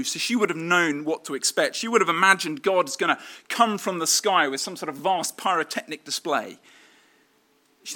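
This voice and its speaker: Bright-voiced man preaching a sermon. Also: a little high. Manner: conversational with fillers and restarts.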